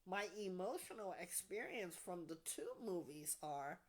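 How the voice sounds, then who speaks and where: A woman with a low voice leads a group session at an unhurried pace. Her delivery is soft and deliberate, and her phrases often fade to a breathy near-whisper. She sounds calm and reflective. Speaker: podcast host leading a support group.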